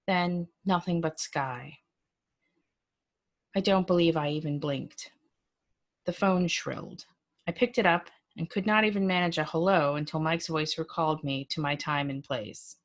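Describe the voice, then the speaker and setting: A woman reading a first-person story aloud, the way a librarian does at a story hour. Her voice sits on the low side, and her narration is measured, dry and expressive.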